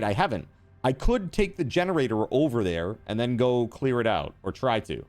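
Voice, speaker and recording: A man streaming a video game, chatting casually and teasingly with his viewers as he plays. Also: mid-range voice. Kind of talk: casual chat while gaming on stream.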